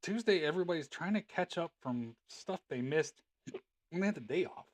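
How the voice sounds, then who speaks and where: A man's voice: a little high, animated, moderate pace. A man hosting a livestream, rambling casually with lots of fillers and laughter as he tells stories. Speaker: livestream host.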